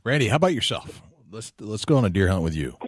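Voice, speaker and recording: A deep-voiced man leads the interview. The sound is dry and close, and he keeps his questions and reactions brief and encouraging. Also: sing-song, quick pace, dry recording.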